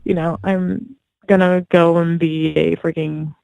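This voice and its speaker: A woman talks casually as a podcast guest. Her voice is gravelly, with plenty of fry. She sprinkles in "like" and small giggles, and the recording is dry and close. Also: fairly low pitch, level tone, measured pace, a little mellow, no room sound, lo-fi sound. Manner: chatty, lots of "like", giggly. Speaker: guest wrestler. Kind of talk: casual phone interview.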